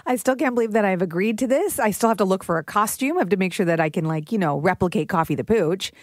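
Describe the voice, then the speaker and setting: A woman's voice: mid-range voice, quick pace, darkish tone. Giggly, protesting woman radio host. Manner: laughing, playfully protesting. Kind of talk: morning radio banter. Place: radio studio. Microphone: studio microphone.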